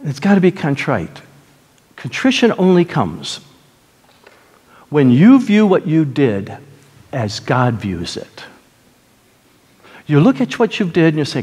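A man preaching a sermon as pastor, moving between loud, emphatic points and quiet, earnest prayer. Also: a little high, huge pitch swings, slow, pauses often, husky. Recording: long reverb of a large hall.

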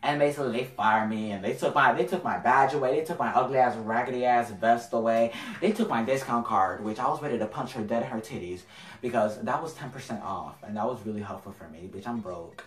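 A man's voice: medium pitch, a little fast, a bit bright, roomy sound, distant mic. A young man telling a storytime vlog in a sassy, profane, dramatic way. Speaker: vlogger.

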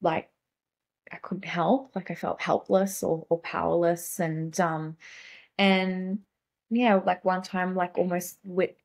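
A young adult woman, a guest in a casual conversation, speaking softly and haltingly with many fillers. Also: on the low side, steady tone, gravelly.

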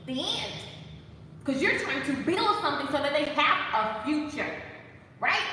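A woman giving a casual, animated devotional talk, playful and preachy and full of laughs. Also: high voice, heavy reverb, long reverb tail, far from the mic, a little hiss or hum, rough recording. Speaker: faith talk host.

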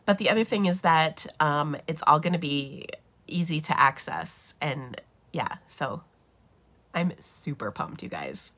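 Deep-voiced, animated and a bit bright, a middle-aged woman takes her time while hosting a papercraft livestream. She's casual and enthusiastic, with lots of fillers, her voice a little nasal from illness.

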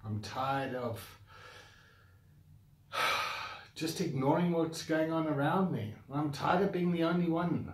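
A man's voice: on the high side, slow pace, long pauses, echoey room, recorded from a distance. A man with a South African accent who founded a coaching academy, bluntly venting his frustration straight to the camera with sighs and repeated complaints. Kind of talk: direct-to-camera rant.

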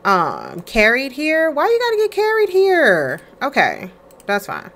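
A woman's voice: sits high, huge pitch swings, a little slow, a bit bright. A woman casually commenting on her life-sim game, chatty and playful, talking to her characters. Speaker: let's play streamer.

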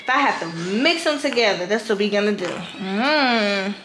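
A young woman, feeding her baby at home and cooing at her in slow, soothing baby talk. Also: medium pitch, lively intonation, reverberant, noisy background. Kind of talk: home vlog, talking to a baby. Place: home kitchen with a TV on.

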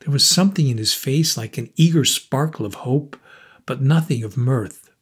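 A man reading a classic story aloud as an audiobook narrator, in a measured storytelling manner. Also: medium pitch, breathy edge. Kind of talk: scripted narration.

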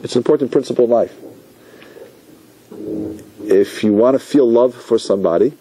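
A man's voice: medium pitch, moderate pace, slight background noise. A man teaching as a rabbi, giving a Torah lecture and acting out the voices and thoughts of the people in his examples. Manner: animated, acts out inner voices and quotes.

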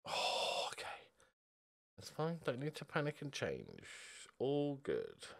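Man, young adult, gaming commentary, swears a lot, lively swooping pitch, mid-range voice. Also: slow, vocal fry. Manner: excitable, swears freely, swings between calm muttering and loud outbursts. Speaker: gaming video host. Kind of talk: live football game commentary.

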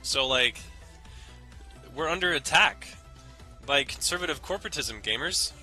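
A young man talks his way through a video game in a loose, rambling stream of jokes and swearing. His voice is bright and cutting, with a mid-range pitch. Faint game music plays underneath. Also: expressive, measured pace. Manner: rambling, jokey, swears often. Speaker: let's play host. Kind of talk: casual gameplay commentary.

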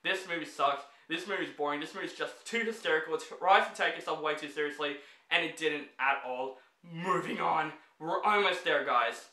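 Guy ranting about bad movies, high bright voice, fed up, kinda echoey room. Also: brisk, slight background noise. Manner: exasperated, blunt, swears freely. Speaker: movie reviewer.

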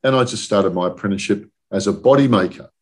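Low-voiced guy in his 60s, chatty, rambling yarns, keeps saying okay?. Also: fast. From southern England. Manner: rambling anecdotal storyteller, often checks in with "okay?". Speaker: guest, industry chief executive. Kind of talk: casual podcast chat.

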